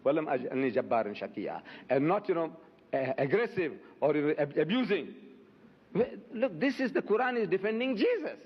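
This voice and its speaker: A man answers his critics in a public debate with forceful, rhetorical passion, pressing the same questions again and again. His voice sits somewhat high. The old lo-fi recording sounds dull, and a long reverb trails through the hall. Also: big pitch swings, normal speed, slightly rough. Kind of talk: impassioned public debate rebuttal.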